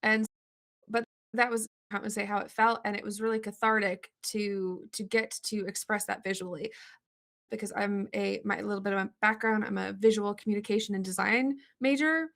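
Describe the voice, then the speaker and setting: Woman telling rambling animated stories. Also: mid-range voice, a little fast, creaky. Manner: rambling, animated, lots of "like" fillers. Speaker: interview guest, comic artist. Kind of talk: casual storytelling in an interview. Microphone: video call.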